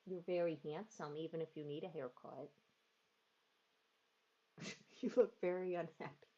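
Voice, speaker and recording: A woman's voice: deep voice, steady tone, a little slow, warm tone. Chatty woman streaming a cozy game. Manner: chatty, talks to her dogs in a cooing voice. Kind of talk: casual game stream chat. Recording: dull lo-fi stream audio with game music.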